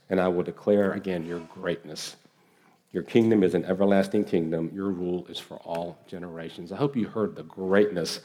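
A man preaching a sermon as pastor, earnest and emphatic, with slow deliberate pauses and repeated phrases. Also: lowish voice, dark tone. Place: church sanctuary.

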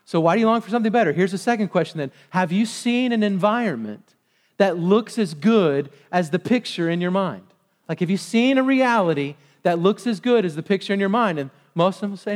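A man preaches to his congregation with a high-pitched voice. He keeps throwing questions out and waiting for them to answer back. His voice rings through the long reverb of a church hall. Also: animated, brisk. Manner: call-and-response preaching, quizzing the congregation. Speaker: pastor. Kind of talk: sermon. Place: church sanctuary.

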